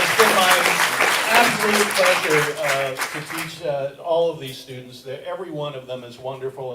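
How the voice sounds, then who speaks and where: An older man hosts a comedy showcase, teasing the crowd in a wry, self-deprecating way. His voice sits a bit high for a man. It comes from a distance in a roomy theater, with audience noise clearly behind him. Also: bright, forceful tone. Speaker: stand-up comedy teacher and emcee. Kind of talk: stand-up comedy set.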